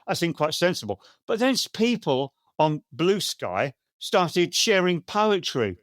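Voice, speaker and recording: A man's voice: a little high, big pitch swings, a little slow, fairly bright tone, dry recording, clean studio sound. A man with an English accent co-hosting a comedy podcast, grumbling and mocking with plenty of swearing. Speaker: podcast co-host. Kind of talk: casual comedic chat.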